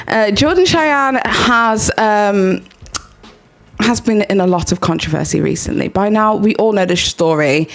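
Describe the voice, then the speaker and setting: A woman's voice: mid-range voice, unhurried. Chatty woman doing casual commentary. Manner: chatty, with fillers and restarts. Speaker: commentary channel host.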